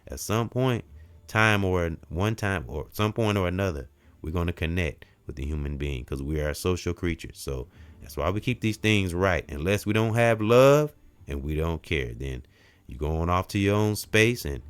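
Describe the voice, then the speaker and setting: A man giving an emphatic spiritual self-help talk, preachy in tone, swinging from loud stressed words to quiet asides. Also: low-pitched, animated, normal speed, no echo. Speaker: motivational speaker.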